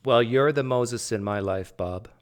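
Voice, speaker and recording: A man's voice: medium pitch, a little slow. A man hosting a livestream, chatty and teasing, joking with his guest. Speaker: livestream host. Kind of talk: casual livestream chat.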